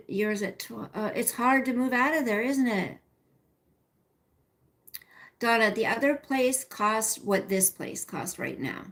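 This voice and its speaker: A woman's voice: fairly high pitch, expressive, takes it slowly, long pauses, a bit bright. A middle-aged woman hosting a casual livestream, rambling and chatty as she talks to viewers by name and reads their comments. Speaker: livestream host.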